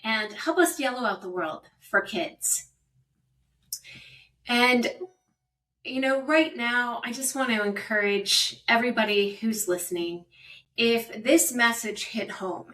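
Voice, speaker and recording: A woman's voice: mid-range voice, fairly bright tone, distant mic. A middle-aged woman hosting an interview podcast, encouraging and affirming her guest with frequent amens. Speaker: podcast host.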